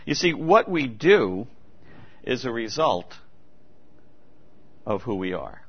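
A man's voice: mid-range voice, very animated, slow, slightly rough. A man preaching a sermon in a church, earnest and emphatic, repeating his key points and restarting phrases as he goes. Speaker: pastor. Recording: dull lo-fi recording.

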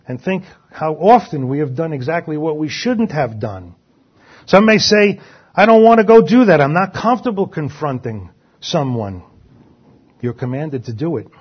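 A male pastor preaching a sermon, reading scripture aloud with lively emphasis. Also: on the high side, breathy edge. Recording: dull lo-fi sound.

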